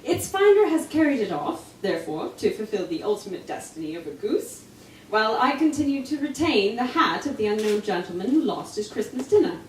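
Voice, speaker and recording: A woman voicing a brisk, cerebral Victorian male detective at a live reading. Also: a little high, sing-song, slight background noise. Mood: dry, explaining. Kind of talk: live reading with character voices. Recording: echoey room, mic from far off.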